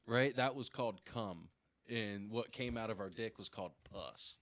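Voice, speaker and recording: A man's voice: fairly low pitch, moderate pace, a bit bright. A man hosting a podcast, chatting in crude casual banter and laughing often as he rambles.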